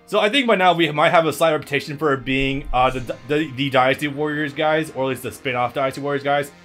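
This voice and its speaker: A man's voice: on the high side, quick pace, fairly bright tone, faint music behind. Joking young man commentating a game. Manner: joking, swears freely, laughs often. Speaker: let's play co-host. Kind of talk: casual gaming commentary.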